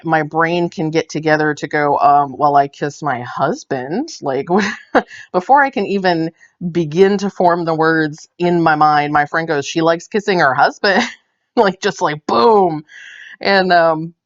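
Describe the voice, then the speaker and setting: A woman's voice: low voice, a little slow. A woman knitting vlogger telling a story in casual chat while she knits on camera. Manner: chatty, tells anecdotes while knitting on camera. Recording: dull lo-fi sound.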